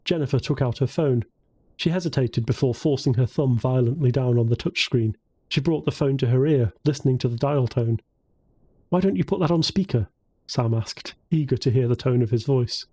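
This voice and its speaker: This is a man narrating a novel for an audiobook. His reading is calm and measured. The voice has a mellow, dark tone with a husky edge. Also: mid-range voice, no room sound. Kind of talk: scripted narration.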